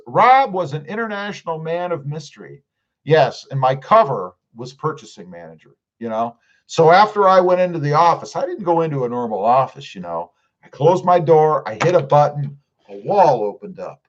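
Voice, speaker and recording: A man's voice: fairly high pitch, muffled recording. A middle-aged man hosting a casual live stream, reading viewer comments aloud and answering them with jokes. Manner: chatty, jokey, reads comments aloud. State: clearing his throat.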